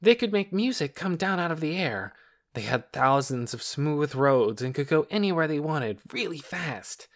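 Smug know-it-all boy as a man voices him, precise teacherly tone, raised pitch, storybook audiobook. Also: sing-song, normal speed. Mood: lecturing. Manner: precise, teacherly, self-important. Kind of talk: audiobook character reading.

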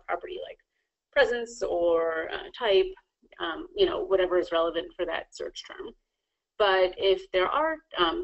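A woman leads a live webinar tutorial, talking fast and filling gaps with many fillers. Her voice sits a little low and has a gravelly edge. The recording is dull and lo-fi. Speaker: webinar presenter.

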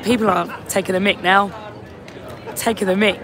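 A hoarse, tired woman hosting a casual live-stream chat outdoors outside a venue, reading out viewer comments into a phone held at arm's length. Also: mid-range voice, steady tone, normal speed. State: hoarse, lost voice. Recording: crowd noise on a busy street.

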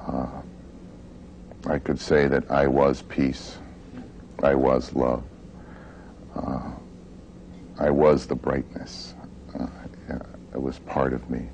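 A man recounting a near-death experience in a halting way, with frequent hesitations. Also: rumbling low, mellow, a little hiss or hum, rough recording. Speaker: interviewee.

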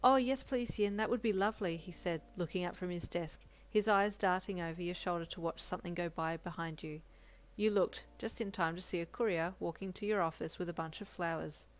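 A woman's voice: fairly low pitch, a little fast. Woman narrating a fanfic story. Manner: steady, gentle storytelling in second person. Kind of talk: scripted narration.

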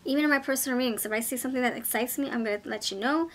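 A woman giving a casual pick-a-card tarot reading, chatty and easily excited. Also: sits high, rapid-fire, slight background noise. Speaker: tarot reader.

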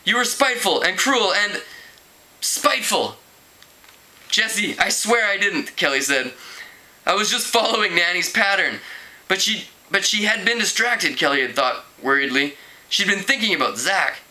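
The audio is poor, but this man's animated, sharp-toned reading comes through at a moderate pace. Casually narrating a teen novel, he trips on words, fixes his mistakes, laughs at the plot and pitches his voice up for the characters.

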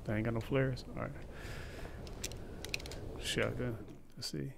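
A man's voice: mid-range voice, little pitch movement, slow pace, creaky, background noise. A man playing a horror game and commenting casually, reacting with sudden exclamations and chatty asides. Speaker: gamer. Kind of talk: let's play commentary. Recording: game sound loud behind the voice.

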